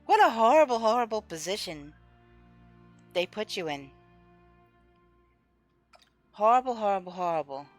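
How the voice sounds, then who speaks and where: A woman's voice: medium pitch, big pitch swings, normal speed, long pauses, faint music behind. A woman live-streaming a game, chatting casually with her viewers and openly voicing her frustration.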